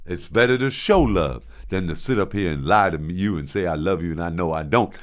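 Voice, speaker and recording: A man's voice: low-pitched, brisk, lightly acted. A man doing a stern lecturing father. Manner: firm, preachy, raised voice. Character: stern, proud father of the older generation, lecturing.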